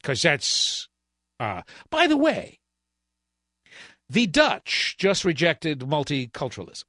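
A man's voice: on the high side, wildly swooping pitch, slow pace, sharp tone, dry recording. A man hosting a political talk radio show, delivering a sarcastic, ranting monologue as a fill-in host into a studio microphone.

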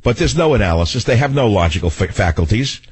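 A man's voice: fairly low pitch, animated, fast talker, breathy edge, no echo. An older man hosting a political radio talk show, ranting sarcastically in a long monologue. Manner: ranting, sarcastic, mocking mimicry.

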